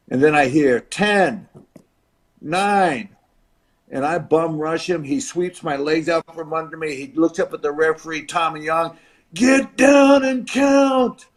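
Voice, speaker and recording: An older man recounts an old match as a podcast guest, his voice sitting slightly high. He acts out the other people in the tale, dropping to a hush and then bursting out loud. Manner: acts out voices of others in his stories, dramatic shifts in loudness. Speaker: podcast guest, retired wrestler. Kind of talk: animated storytelling.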